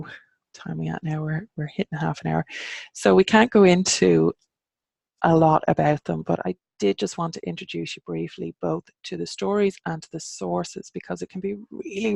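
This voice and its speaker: An Irish woman teaching an online class, explaining carefully and pausing over how words are pronounced. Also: on the low side, gravelly, a little mellow, slightly rough, no echo. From Ireland.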